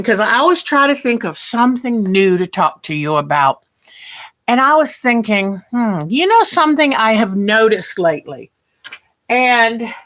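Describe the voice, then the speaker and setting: A woman hosts a relaxed quilting stream and talks viewers through her work at an easy, leisurely pace. Her voice is bright and forward, with a crisp edge. She chats loosely, thinks out loud and often breaks off mid-sentence to start again. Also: mid-range voice. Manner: chatty, self-interrupting, thinks aloud. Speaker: quilting livestream host. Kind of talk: casual livestream chat and demonstration.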